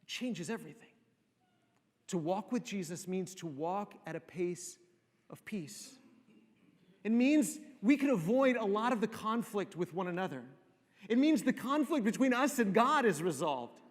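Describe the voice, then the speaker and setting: A man preaching a sermon, repeating phrases for emphasis and dropping to soft, slow pauses. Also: sits high, lively intonation. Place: church sanctuary. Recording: long reverb of a church hall.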